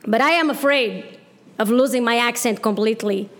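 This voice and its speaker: A woman from Brazil with a Brazilian accent, performing a stand-up set with slow, deadpan punchlines in front of a laughing audience. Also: fairly high pitch. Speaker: stand-up comedian. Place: live comedy stage with audience laughing. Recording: live room with crowd laughter.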